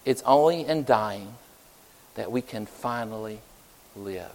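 A man preaching an Easter sermon in an earnest way, rising loud and then falling soft. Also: on the low side, slow pace, big-room sound, low-quality recording. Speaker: pastor.

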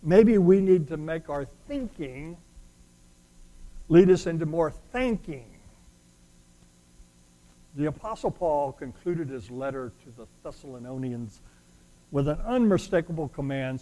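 Emphatic preacher, a man with a higher voice. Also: measured pace, low-quality recording. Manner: emphatic, swings between loud declarations and quiet asides. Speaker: pastor. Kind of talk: sermon.

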